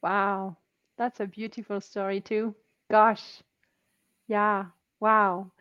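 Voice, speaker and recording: A woman hosting an interview over a call, enthusiastic and quick to laugh. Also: medium pitch, level tone, smooth, dry recording. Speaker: interview host. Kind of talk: conversational interview. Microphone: remote call. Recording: dry, dull lo-fi call audio.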